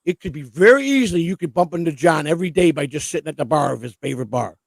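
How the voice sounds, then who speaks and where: A man hosts a loose livestream conversation, rattling on at high speed with plenty of swearing. His voice sits high and has a gravelly edge. The sound is close and dry. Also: racing, dry recording. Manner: rambling, profane, excitable. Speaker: host. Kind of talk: casual livestream chat.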